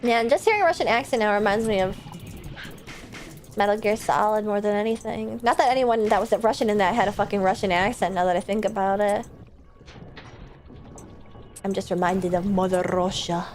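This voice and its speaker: A woman chatting casually while she streams a game, excitable, laughing and swearing freely. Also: medium pitch, brisk, pauses often, faint music behind. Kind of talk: casual live-stream gameplay chat.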